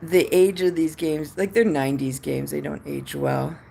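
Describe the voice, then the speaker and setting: Canadian lady rambling to her stream chat, low gravelly voice, faint hum behind. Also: level tone, normal speed, dark tone. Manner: chatty, rambling, full of fillers and restarts; reads out chat comments and replies. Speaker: livestream host. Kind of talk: casual chat with stream viewers.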